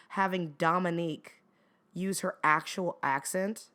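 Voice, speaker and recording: A woman's voice: on the low side, fairly even intonation, measured pace, fairly bright tone. A woman co-hosting a casual TV recap, chatting directly to viewers with frequent "um"s. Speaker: co-host.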